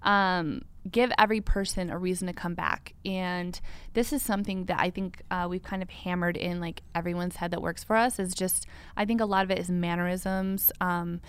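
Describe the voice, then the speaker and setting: A woman's voice: on the low side, fairly even intonation, moderate pace, clean tone. A woman in her forties from upstate New York co-hosting a casual business chat, talking with lots of "like" fillers. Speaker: podcast co-host, salon owner.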